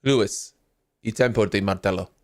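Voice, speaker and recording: A man's voice: on the low side, moderate pace, pitched below the performer's own voice, natural voice. A man putting on an exaggerated fake Italian accent to play a race engineer talking over team radio. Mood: mock-dramatic. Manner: exaggerated sing-song faux-accent delivery.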